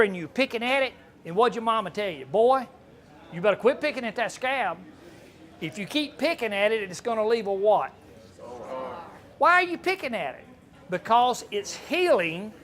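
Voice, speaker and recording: A man's voice: high voice, fairly bright tone. A man giving a folksy hunting seminar, joking and asking the audience questions. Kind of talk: folksy live seminar talk.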